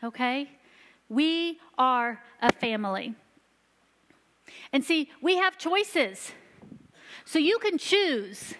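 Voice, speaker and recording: A woman giving a sermon to a church, telling stories earnestly and slowing down for emphasis. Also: sits high, expressive, fairly bright tone, a little hiss or hum. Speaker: church children's ministry leader. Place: church sanctuary. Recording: long reverb of a large hall.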